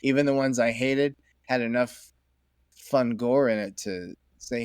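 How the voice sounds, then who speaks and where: A middle-aged man with a medium-pitched voice talks as a podcast guest, rambling and enthusiastic, breaking into laughter often. The recording is dry and close, with no room sound. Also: a little slow, clear, resonant tone, dry recording. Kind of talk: casual conversation.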